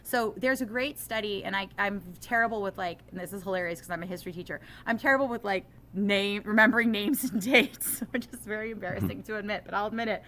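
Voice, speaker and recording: Animated, bright-voiced woman teacher. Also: medium pitch, fast, few pauses. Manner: animated, self-deprecating, impassioned. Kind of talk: interview.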